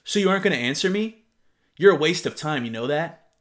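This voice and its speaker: Man reading as a resentful young guy, entitled, insulting, slightly lower pitch, plain voice. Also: expressive, a little fast, a bit bright.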